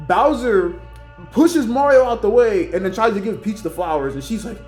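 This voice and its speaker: A young man ranting casually about characters he would put on a list, rambling and acting out quoted lines in higher voices. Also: normal speed, darkish tone, faint music behind. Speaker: YouTuber ranking characters.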